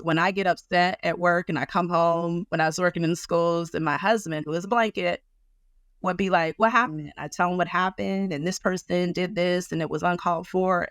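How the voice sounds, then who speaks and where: A woman counselor speaking in a conversational interview, animated and acting out other people's reactions as she explains. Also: lowish voice, no room sound. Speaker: guest counselor.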